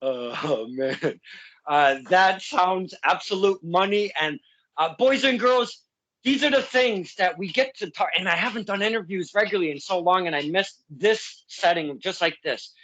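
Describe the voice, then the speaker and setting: Excitable man host with a lively, bright voice. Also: sits high, moderate pace, poor audio. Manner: excitable, laughs often. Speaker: interview host. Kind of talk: casual interview chat.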